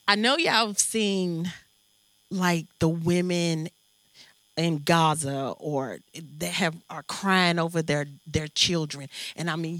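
A woman hosting a panel conversation, telling a story in an earnest, emotional, animated way. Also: on the low side, no room sound. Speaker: host.

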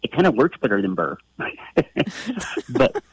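A man's voice: fairly low pitch, big pitch swings, unhurried, husky, low-quality recording. Friendly male caller telling a story. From United States. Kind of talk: call-in radio chat.

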